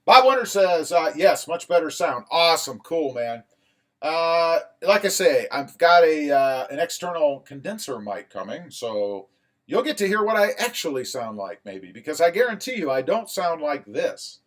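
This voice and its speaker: A middle-aged man hosts a relaxed live chat, reading comments aloud and joking back at his viewers. His voice sits a little high for a man, and it comes through the thin pickup of a laptop microphone. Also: normal speed. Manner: rambling and joking, reads chat aloud and answers. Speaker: livestream host.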